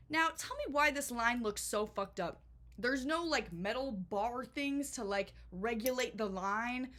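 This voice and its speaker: A young woman telling a storytime vlog in a chatty, animated way, full of swearing and filler words. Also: on the high side. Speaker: vlogger.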